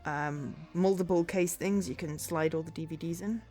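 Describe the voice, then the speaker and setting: Rambling woman streamer, low voice. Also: steady tone, moderate pace, warm tone. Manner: rambling, chatty, self-deprecating. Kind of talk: casual chat while livestreaming a game.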